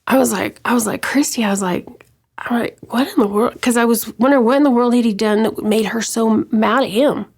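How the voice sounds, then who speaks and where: Gravelly-voiced woman, hesitant. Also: on the high side, steady tone, brisk, darkish tone. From West Texas. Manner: hesitant, many ums and restarts. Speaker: interview guest. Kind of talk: personal account in an interview.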